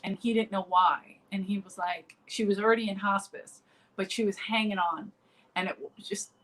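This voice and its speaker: A woman's voice: mid-range voice, steady tone, moderate pace, fairly bright tone, rough recording. A woman comedian in a casual interview, telling stories full of fillers and restarts over a remote call. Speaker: comedian guest.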